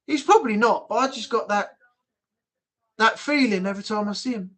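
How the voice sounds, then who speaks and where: Chatty, rambling British livestream host. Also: male voice, high-pitched, brisk, fairly bright tone. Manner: rambling, chatty, blunt, with frequent restarts. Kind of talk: casual live chat reading comments.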